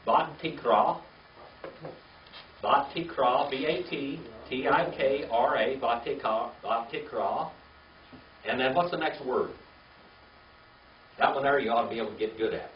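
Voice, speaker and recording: Slow older male Bible teacher. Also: mid-range voice, a little hiss or hum. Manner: slow and patient, spells words out letter by letter. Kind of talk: classroom Hebrew reading lesson. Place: classroom with a small group. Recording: echoey, distant, dull lo-fi room recording.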